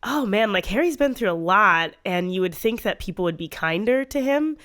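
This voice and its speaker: A woman's voice: mid-range voice, expressive, normal speed, fairly bright tone. A young woman guesting on a podcast, chatty and casual, filling her talk with "like".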